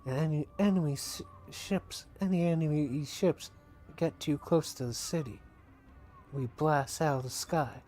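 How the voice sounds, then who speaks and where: A man's voice: a little high, measured pace, a little mellow, soft background music, pitched above the performer's own voice, close to an everyday voice. A man voicing a boastful male artillery guard in an attempted Australian accent.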